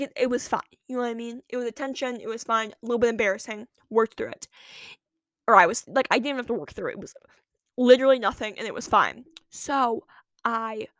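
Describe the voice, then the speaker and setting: A teenage girl hosting her own podcast, telling a story in a chatty, animated way that jumps from loud lines to whispered asides. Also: on the high side, vocal fry, dry recording, clean studio sound. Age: late teens. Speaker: podcast host. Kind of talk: casual storytelling monologue.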